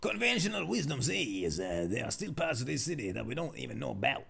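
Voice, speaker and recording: A man voicing a soft-spoken, mysterious townsperson from a video game in a measured, storytelling way. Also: medium pitch, big pitch swings, vocal fry, breathy edge, heavily acted. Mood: musing.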